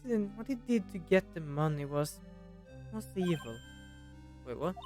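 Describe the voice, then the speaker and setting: A streamer reading a quiet, eerie young woman. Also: mid-range voice, big pitch swings, moderate pace, soft background music, lightly acted. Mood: subdued.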